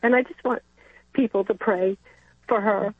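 A woman's voice: mid-range voice, fairly even intonation, moderate pace, slightly rough, no room sound. Emotional grandmother on a tinny phone line. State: emotional, close to tears. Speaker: caller. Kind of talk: phone-in call.

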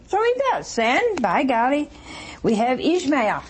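A woman preaching a sermon, retelling a scripture story with lively rhetorical asides to her congregation. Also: high-pitched, a little slow, slight background noise.

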